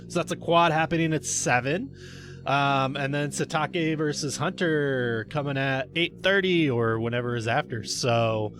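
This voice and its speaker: A man's voice: mid-range voice, a bit bright. A man hosting and commenting on a speedrun race livestream, chatty and jokey with frequent fillers.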